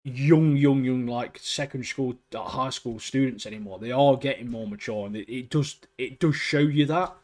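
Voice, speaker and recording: A man in easygoing podcast chat, his voice sitting in an ordinary middle pitch. He talks eagerly and scatters "mate" and "like" through every sentence. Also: moderate pace, few pauses, darkish tone. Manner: enthusiastic, peppers talk with "mate" and "like". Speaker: podcast co-host. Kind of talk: casual chat.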